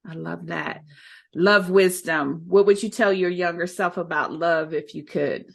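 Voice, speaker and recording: A woman's voice: lowish voice, steady tone, unhurried, gravelly. A woman hosting a podcast interview, affirming her guest and asking closing questions. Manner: warm, affirming, encouraging. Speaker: podcast host.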